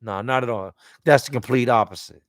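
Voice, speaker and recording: A man's voice: mid-range voice, brisk, no room sound, studio quality. A man hosting a live stream, reading out viewer comments and talking candidly and emotionally. He speaks casually and bluntly, swearing at times and repeating words as he searches for them.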